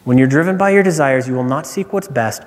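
A man's voice: mid-range voice, fast, big-room sound. A man preaching a sermon as a pastor, earnest and emphatic, who repeats his key lines for weight.

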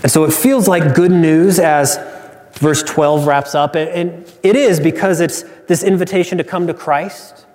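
A male pastor delivers an earnest, emphatic sermon, circling back to repeated refrains for emphasis. His voice sits a little high for a man. The sound carries a long, reverberant hall tail. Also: fairly even intonation, measured pace, a little mellow.

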